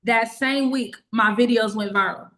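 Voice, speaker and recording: A woman in her thirties giving an emotional personal testimony on a group call, animated and repeating herself as she acts out her own past words. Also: fairly high pitch, a little slow. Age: 30s. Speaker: network marketing team member giving a testimonial.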